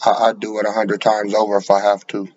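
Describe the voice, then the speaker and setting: A man's voice: fairly low pitch, completely flat delivery, quick pace, a little mellow. A man preaching bluntly, lecturing and repeating words as he speaks, in a dull lo-fi recording. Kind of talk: sermon to camera.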